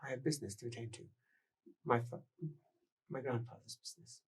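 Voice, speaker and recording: Game master doing a weary, soft-spoken woman in her fifties. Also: medium pitch, a little fast, breathy edge, distant mic. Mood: wistful. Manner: soft, quiet, wistful.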